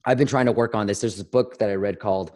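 A man in his thirties hosting a casual chat, animated, acting out stories in a raised voice. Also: fairly low pitch, fast. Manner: animated, acts out quotes in a raised voice. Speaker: podcast host.

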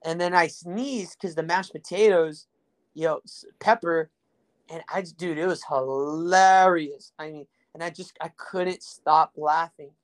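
A young man from South Texas rambles through a crude anecdote for his podcast. His voice sits a touch higher than most men's. He fills the gaps with ums and asides, and he jokes at his own expense. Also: a little slow. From Rio Grande Valley, Texas. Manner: rambling, crude, joking, full of fillers. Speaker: podcast host. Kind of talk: casual storytelling podcast.

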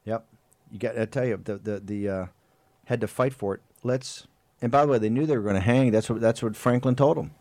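A man's voice: medium pitch, fairly quick, mellow, dry recording. A man hosting a political talk show, delivering an impassioned, rambling monologue full of emphatic repetition. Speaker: host.

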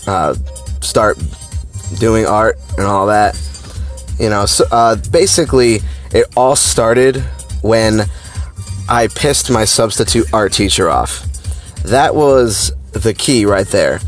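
A man's voice: on the low side, slow pace, soft background music. Rambling man telling a childhood story. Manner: rambling, filler-heavy, animated. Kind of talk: casual personal story.

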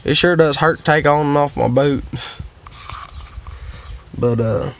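A man's voice: fairly high pitch, unhurried, creaky, a little hiss or hum. A worn-out man rambling profanely to his viewers from home, drawling through stories with lots of fillers. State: worn out and tired. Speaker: vlogger. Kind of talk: rambling casual monologue to viewers. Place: at home, sitting.

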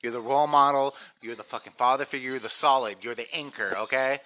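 A man's voice: medium pitch, steady tone, quick pace, bright, forceful tone. A brash man co-hosting a casual podcast, joking and swearing a lot as he banters. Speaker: podcast co-host.

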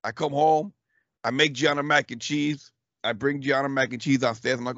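A man in his thirties telling a story in casual chat. He is animated, swears freely, laughs often and acts out what people said. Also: medium pitch, normal speed, no echo. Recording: dull, dry lo-fi recording.

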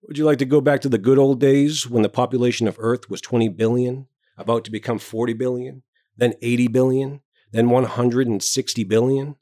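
A man reading a story aloud, voicing a towering, self-important male doctor with a booming, hearty manner. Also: animated, normal speed, a little mellow, no room sound, studio quality. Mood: lecturing. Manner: hearty, booming, bluff joviality.

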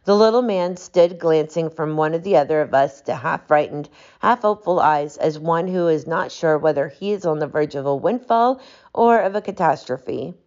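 A woman's voice: low voice, moderate pace, a little mellow. Woman reading a classic story aloud. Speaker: audiobook narrator. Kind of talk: storybook narration. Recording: dull lo-fi audiobook recording.

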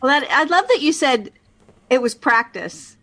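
A woman co-hosting a casual talk show, reading a book aloud in a measured, thoughtful way. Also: high-pitched, big pitch swings, a bit bright. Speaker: podcast co-host.

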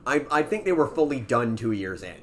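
A man's voice: mid-range voice, sing-song, fairly quick, fairly bright tone, slight background noise. A man co-hosting a podcast in casual chat, blunt and profane, laughing often and cutting in. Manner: blunt, profane, laughs often, jumps in over the other speaker. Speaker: podcast co-host.

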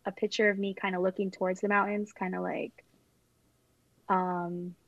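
A woman's voice: mid-range voice, flat delivery, moderate pace, no echo. A young woman chatting casually and rambling through her engagement story, with lots of fillers and giggles. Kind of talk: casual chat. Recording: dull lo-fi sound.

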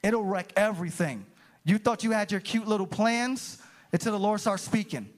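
A man preaches a sermon in a church sanctuary. He is animated and keeps calling out to the congregation for a response. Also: sits high, normal speed. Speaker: pastor.

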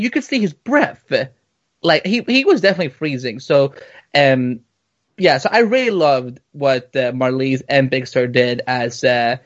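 A man co-hosting a casual podcast, talking in an animated, rambling way with lots of fillers. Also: medium pitch, dull audio. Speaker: podcast co-host.

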